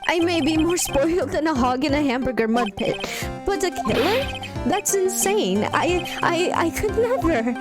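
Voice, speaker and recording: A woman's voice: sits high, animated, moderate pace, over loud music, pitched above the performer's own voice. A woman voicing a timid young southern farm-boy man in a put-on Southern accent, pleading and stammering.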